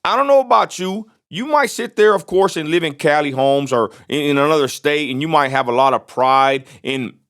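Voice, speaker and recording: A man's voice: a little high, normal speed, few pauses, a bit bright. A man from Texas, ranting bluntly in a vlog and repeating himself for emphasis. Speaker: vlogger.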